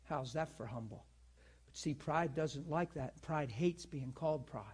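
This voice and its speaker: Husky preacher man, fairly high voice, goes loud then quiet. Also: measured pace. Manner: emphatic, swings between yelling and hushed. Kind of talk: sermon.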